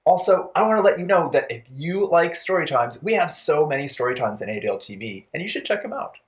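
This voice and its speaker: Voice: mid-range voice, sing-song, brisk. A storytime host for young children, playful and encouraging, speaking directly to the kids and leading rhymes.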